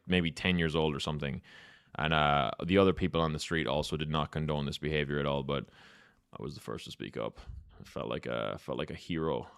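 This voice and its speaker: A man's voice: deep voice, a bit bright, no echo, clean studio sound. A young man live-streaming chess, ranting profanely at his chat and telling a story in between.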